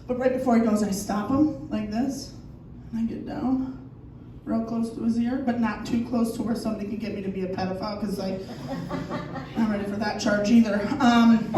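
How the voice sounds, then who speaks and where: A woman in her thirties doing a crude, animated stand-up comedy set on a comedy theater stage, acting out scenes in shouted voices. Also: on the high side, a little fast. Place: comedy theater stage before a laughing audience. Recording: distant, echoey club recording with audience noise.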